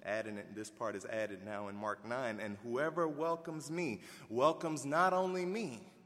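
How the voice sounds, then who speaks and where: A man preaching a sermon, animated and folksy, swinging between loud emphasis and hushed asides. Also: medium pitch, measured pace, in a large hall. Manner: folksy, addresses listeners as y'all.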